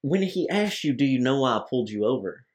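A man's voice: mid-range voice, lively intonation, fast talker. Teasing man in an echoey room. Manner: teasing, joking. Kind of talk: casual chat. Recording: roomy echo.

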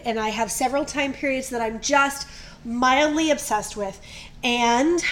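A woman in her thirties co-hosting a podcast, chatting excitably and gushing. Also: a little high, a little hiss or hum. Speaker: podcast co-host. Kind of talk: casual chat.

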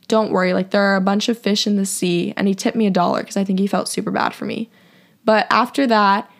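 A young woman hosting a podcast, telling a personal story in a casual, confessional way, filling her talk with "like" and acting out what others said. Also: mid-range voice. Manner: chatty, heavy use of "like", acts out quoted voices. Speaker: podcast host.

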